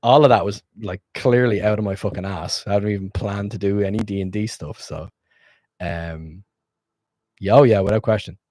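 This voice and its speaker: A man's voice: fairly low pitch, normal speed, darkish tone, no room sound. A man streaming as game master, wrapping up a tabletop session in loose, rambling casual chat with frequent swearing.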